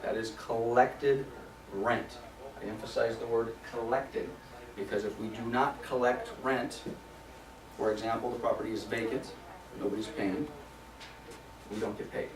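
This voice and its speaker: A man's voice: medium pitch, fairly even intonation, normal speed, crowd noise. A man leading a property management training class in a conversational way, repeating key points for emphasis. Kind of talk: recorded training class for agents. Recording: echoey room from a distance.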